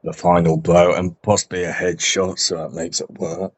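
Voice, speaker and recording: Deep flat guy chatting games, swears a lot, muffled audio. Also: moderate pace. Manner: relaxed, swears freely, self-correcting. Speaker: gaming podcast host. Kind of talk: casual chat. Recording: muffled lo-fi sound, faint music.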